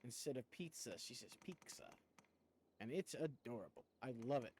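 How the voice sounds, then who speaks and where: A man's voice: medium pitch, expressive, a little fast, darkish tone, husky. A man streaming a game, chatting casually with viewers in a rambling way and laughing often. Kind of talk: casual chat while gaming.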